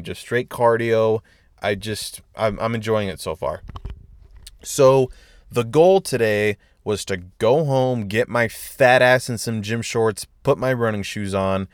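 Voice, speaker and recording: A man talks through a casual solo podcast, swearing freely as he rambles about his day. He sounds exasperated and loose, with a mid-pitched voice. The recording is dry and close, with no room around him. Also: no room sound. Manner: profane, rambling, exasperated storytelling. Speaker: podcast host.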